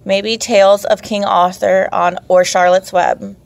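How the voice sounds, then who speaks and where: A woman narrating a first-person children's story in a calm, measured way. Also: medium pitch, gravelly. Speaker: audiobook narrator.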